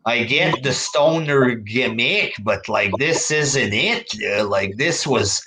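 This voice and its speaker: A man's voice: medium pitch, slow pace, noisy background. A man hosting a casual wrestling review podcast, talking bluntly with swearing. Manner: blunt, profane, drawling. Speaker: podcast host.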